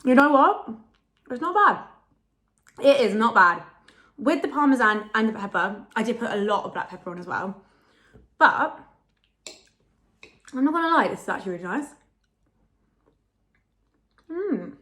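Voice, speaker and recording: Young woman food vlogger, chatty, self-deprecating, relaxed vlog chat, recorded in a roomy echoey kitchen. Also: on the high side, normal speed, long pauses. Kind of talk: casual vlog chat to camera. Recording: echoey home room.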